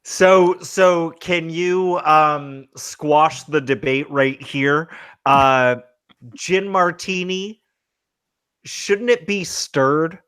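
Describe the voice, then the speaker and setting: Bright, slow-spoken man asking questions. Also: a little high, clear, resonant tone. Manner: eager, laughs readily. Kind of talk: casual interview questions.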